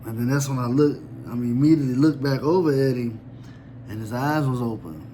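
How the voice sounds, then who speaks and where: A man telling a personal story in a somber, reflective, halting way. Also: mid-range voice, mellow, a little hiss or hum.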